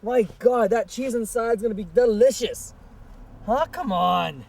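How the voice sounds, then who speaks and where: A man hosting an outdoor grilling show, talking through a recipe in a hammy, excitable way and hollering over the food. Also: high-pitched, normal speed, vocal fry. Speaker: cooking show host. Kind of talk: upbeat cooking demo chat.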